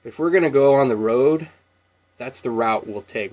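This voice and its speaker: A young man from Washington State with a Pacific Northwest American accent, chatting casually in a relaxed, meandering way for an accent tag video. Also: mid-range voice, normal speed. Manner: relaxed, meandering, with laughs and many fillers. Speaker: vlogger.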